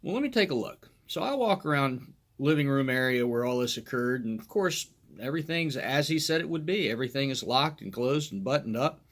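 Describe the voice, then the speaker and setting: A man's voice: medium pitch, expressive, fairly quick, few pauses, fairly bright tone. A middle-aged man, a former police officer, telling a crude, funny anecdote in a casual way and often laughing as he goes.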